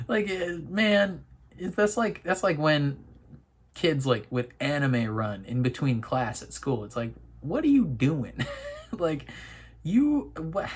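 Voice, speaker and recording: Slow, giggly rambling man reacting. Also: a little high, lively intonation, husky. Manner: rambling, giggly, lots of fillers and restarts. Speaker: reaction video host. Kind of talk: casual reaction commentary.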